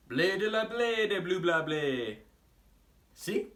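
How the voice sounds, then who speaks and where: Young man as a clueless overconfident boy, stammering and goofy, high bright voice. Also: recorded from a distance. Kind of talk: student comedy skit.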